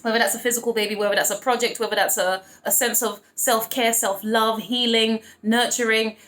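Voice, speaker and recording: A young woman gives a casual tarot reading, speaking straight to her viewers in a fairly high voice. She is effusive and emotional and can barely contain her excitement. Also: fairly quick, echoey room. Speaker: tarot reader.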